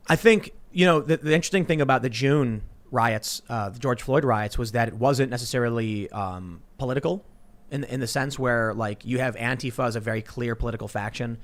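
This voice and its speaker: Animated man telling stories at a podcast panel. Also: medium pitch, fairly quick. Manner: animated storytelling, frequent restarts. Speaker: podcast host. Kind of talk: casual panel chat.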